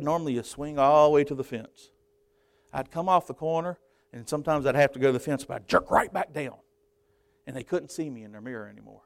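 A man preaching from a church pulpit, swinging between loud, high-pitched emphasis and quieter conversational asides. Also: gravelly, dry recording. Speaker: pastor. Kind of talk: sermon.

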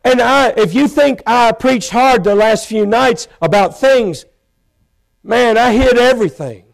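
A man preaching a sermon in a church, telling his own story with feeling and rising to loud pleading. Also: very high voice, a little slow, vocal fry. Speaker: pastor. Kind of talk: sermon testimony. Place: church sanctuary.

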